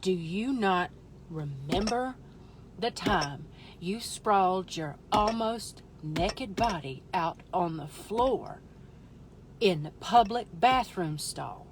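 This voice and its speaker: A woman's voice: lively intonation, background noise. A woman voicing a stern scolding belly. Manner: slow, lowered, scolding delivery. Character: her own scolding belly, stern and reproachful.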